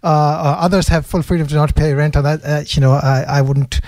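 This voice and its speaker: A man co-hosting an investing podcast, speaking in a mellow, warm voice. He thinks aloud, hesitating and restarting his sentences. The mic is close and dry. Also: fairly high pitch, fairly even intonation, a little fast, no echo. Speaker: podcast co-host. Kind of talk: casual investing podcast chat.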